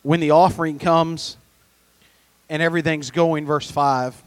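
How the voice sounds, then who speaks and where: A man delivers a church sermon, his voice sitting a little high for a man. He shifts from quiet, almost chatty asides to loud, pressing emphasis. The sound is dry and close, with almost no room around it. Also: steady tone, a little slow, dry recording. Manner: preaching with swings from soft asides to loud emphatic peaks. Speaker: pastor.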